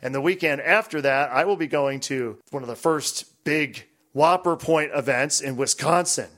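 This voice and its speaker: A man hosting a podcast in a relaxed, rambling, casual chat. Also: a little high, moderate pace. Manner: relaxed, rambling, drifts off mic at times. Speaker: podcast host.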